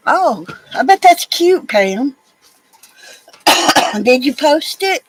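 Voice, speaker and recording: A rambling, folksy woman with a drawl chats casually while she crafts at home. Her voice sits a little high, and a faint hiss runs behind it. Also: sing-song, drawn-out words, rough recording. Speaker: crafting vlogger.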